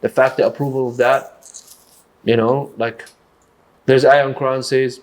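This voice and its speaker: A man's voice: medium pitch, little pitch movement, a little mellow. A boxing coach, telling stories earnestly in a casual podcast conversation, often restarting his sentences. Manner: earnest, storytelling, halting restarts.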